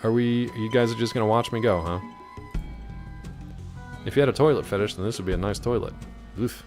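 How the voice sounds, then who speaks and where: A man with a fairly low voice chats loosely while playing a game. He rambles and piles on fillers as he tells a story, and soft music plays underneath. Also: steady tone, fairly quick. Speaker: gaming streamer. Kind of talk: casual let's-play commentary.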